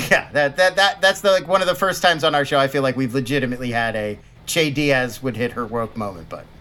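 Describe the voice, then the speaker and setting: A man co-hosting a podcast, talking in casual chat with lively stops and restarts. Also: mid-range voice, brisk. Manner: animated, restarts sentences often. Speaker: podcast co-host.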